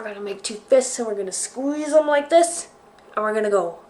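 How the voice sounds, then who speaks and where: A woman's voice: mid-range voice, a little fast, darkish tone, slight background noise. Woman leading children's story time. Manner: friendly, chatty guiding of actions. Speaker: children's librarian.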